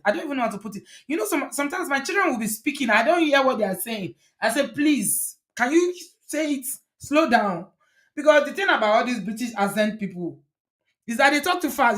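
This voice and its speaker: A middle-aged woman hosts a relaxed live-stream conversation. She is chatty and teasing and laughs easily between points. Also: on the high side. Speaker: host. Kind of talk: casual live-stream chat.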